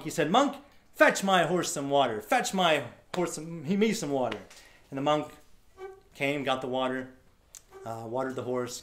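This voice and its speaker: A motivational speaker recounts stories to a live audience, voicing the characters he met along the way and often breaking into laughter. His voice is mid-range, and the recording is reverberant.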